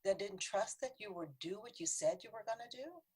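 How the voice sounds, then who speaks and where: A woman's voice: mid-range voice, expressive, fairly quick, darkish tone, slightly rough. A woman giving an earnest, conversational training talk to a city council, sometimes dropping to a whisper for emphasis. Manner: earnest, conversational, acts out quoted voices, drops to a whisper for emphasis. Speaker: workshop presenter.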